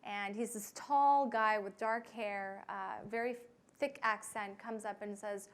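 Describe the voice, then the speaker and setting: A woman's voice: fairly high pitch, normal speed. Young woman pilot telling her story. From United States. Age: young adult. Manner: frequent fillers, lively retelling with quoted voices. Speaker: pilot giving a talk. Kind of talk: storytelling talk to an audience.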